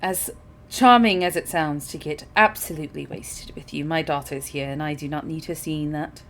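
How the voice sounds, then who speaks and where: A woman voicing a sober woman and mother who speaks quietly and firmly in a tabletop game. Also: low voice, normal speed, a little hiss or hum.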